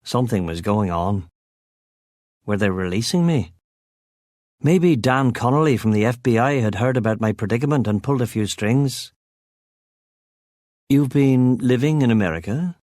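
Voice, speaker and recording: A man reading a first-person crime novel aloud in a measured, steady audiobook narration. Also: fairly low pitch, no room sound, studio quality.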